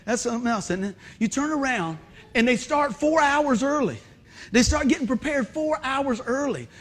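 A middle-aged pastor, speaking in a notably high voice. His sermon is folksy and conversational, full of jokes for the congregation and animated, shouted retellings of stories. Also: breathy edge. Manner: animated storytelling, acts out shouts and exclamations.

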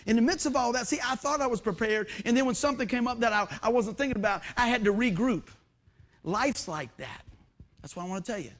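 A man's voice: very high-pitched, fast talker. A male preacher, telling a story in a sermon and acting out the quotes. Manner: animated storytelling with acted-out quotes.

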